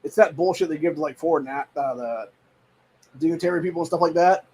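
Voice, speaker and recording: A man with a high, husky voice rants in a heated, rambling way. He swears constantly and keeps tossing in "dude" as he talks through his show. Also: brisk, darkish tone, low-quality recording. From United States. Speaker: show host. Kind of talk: casual political rant.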